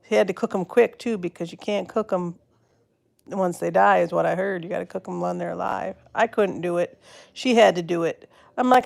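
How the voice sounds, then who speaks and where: A woman from Wisconsin, USA, with a Wisconsin accent hosts a livestream, chatting casually and answering viewers' comments by name. Her voice is lowish and darkish with some vocal fry, and she talks at a normal speed.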